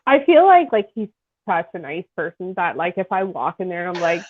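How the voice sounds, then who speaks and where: A woman hosting an interview, chatty and eager, often answering with a quick yeah. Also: on the low side, animated, darkish tone, slight background noise. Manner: chatty, eager, frequent back-channel yeahs. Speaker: interview host. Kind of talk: casual livestream interview. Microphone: video call. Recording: thin phone-like audio.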